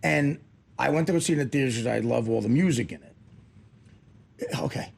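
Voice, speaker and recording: A man's voice: mid-range voice, brisk, gravelly, a little mellow, breathy edge. A man hosting a comedic studio talk show, sarcastic and interrupting with jokes. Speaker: radio talk show host.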